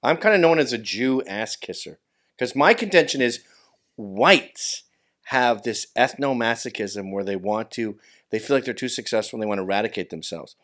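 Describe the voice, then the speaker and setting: A man's voice: medium pitch, expressive, normal speed, a bit bright. A man who is a guest on a podcast, talking casually in a matter-of-fact, provocative way. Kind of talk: casual chat.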